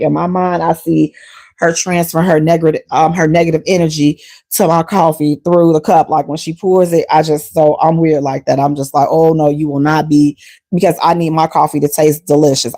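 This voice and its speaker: A woman hosting a radio talk show, telling stories in a lively, expressive way and acting out conversations, with features. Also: medium pitch. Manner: animated, expressive storyteller acting out exchanges. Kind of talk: casual monologue.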